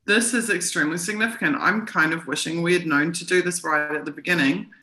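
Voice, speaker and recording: A woman's voice: lowish voice, a little fast, pushed and bright. A woman co-hosting a live stream, reading official text aloud and then commenting on it. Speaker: co-host analysing documents. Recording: roomy echo.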